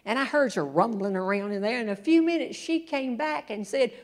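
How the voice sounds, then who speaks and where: A woman's voice: on the high side, a little fast. A woman telling comic stories on a theater stage, acting out the voices. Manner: animated, acts out voices, laughs along. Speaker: humorist and storyteller. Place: theater stage before a live audience.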